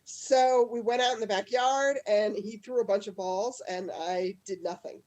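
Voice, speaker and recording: A woman hosting a live storytelling comedy show over a video call, chatty and quick to laugh as she tells her own tale and introduces acts. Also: mid-range voice, fairly even intonation, heavy background noise. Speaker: show host.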